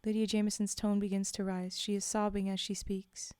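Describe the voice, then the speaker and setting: Mellow-voiced woman reading a story. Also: mid-range voice, little pitch movement, brisk, clear, resonant tone, no echo, clean studio sound. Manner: reads aloud, breaks off to chat with viewers, sometimes whispers. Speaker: streamer reading stories. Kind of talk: casual read-aloud storytelling.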